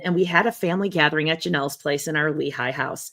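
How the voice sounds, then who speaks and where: Woman, podcast co-host, lower voice, casual reader with frank asides. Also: fast, fairly bright tone. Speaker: podcast co-host reading a memoir aloud. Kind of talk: casual chat and reading aloud.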